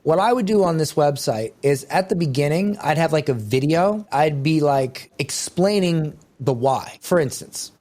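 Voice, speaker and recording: Blunt, fast-talking male business coach. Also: a little high, darkish tone. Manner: blunt, rapid, salesy. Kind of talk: live coaching session.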